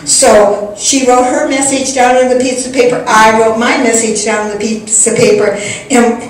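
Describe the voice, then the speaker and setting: A woman's voice: on the high side, fairly even intonation, normal speed. A woman spiritual teacher telling a personal story in an earnest manner, acting out the dialogue she recounts. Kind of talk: storytelling talk. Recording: very echoey hall from a distance, faint noise.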